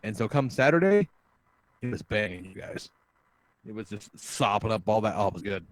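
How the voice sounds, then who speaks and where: A man hosting a podcast, telling a long story in casual chat, animated and full of swearing. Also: on the low side, normal speed, no room sound. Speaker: podcast host.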